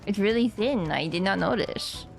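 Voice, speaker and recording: A woman's voice: medium pitch, animated, moderate pace, creaky, soft background music. A young adult woman streaming a video game, chatting casually and playfully with viewers. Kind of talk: casual gameplay commentary.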